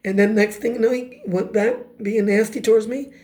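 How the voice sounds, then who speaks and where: A woman with a raspy voice telling her personal testimony in an emphatic, conversational way with quick asides. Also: mid-range voice, steady tone, darkish tone. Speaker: speaker giving personal testimony.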